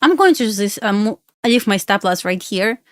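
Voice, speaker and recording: A woman's voice: mid-range voice, expressive, moderate pace, a bit bright, no echo, clean studio sound. Chatty woman with a Russian accent. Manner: chatty, pleads with the chart, laughs often. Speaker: live day-trading streamer. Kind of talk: casual live-stream chat.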